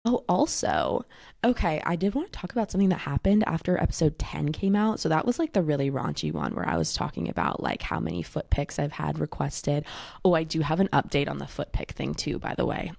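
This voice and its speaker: A woman's voice: low voice, animated, brisk, gravelly, a little mellow, no echo, studio quality. A young woman in her twenties hosting a casual podcast, chatting and gossiping as she quotes herself. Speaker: podcast host. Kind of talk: casual chat.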